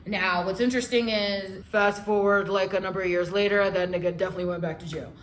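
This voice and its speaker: A woman telling a wild personal story in an animated, profane, casual way. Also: mid-range voice, fast talker, few pauses, roomy sound, a little hiss or hum.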